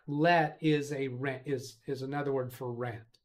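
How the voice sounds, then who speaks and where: A man's voice: medium pitch, a little slow. A man hosting a casual live stream, rambling as he reads chat messages aloud and answers them. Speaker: host of a live tech stream.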